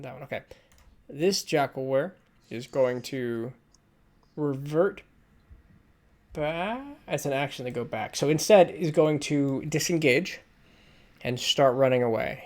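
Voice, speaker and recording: A man's voice: medium pitch, a little mellow. A man running a tabletop game as game master over voice chat, narrating the action and making rulings with stops and restarts. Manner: halting, restarts while counting and ruling.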